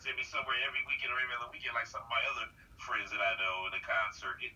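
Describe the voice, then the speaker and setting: A voice actor being interviewed who tells stories in casual chat and acts out other people's voices. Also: male voice, medium pitch, very fast, pushed and bright. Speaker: voice actor guest. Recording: distant muffled call audio.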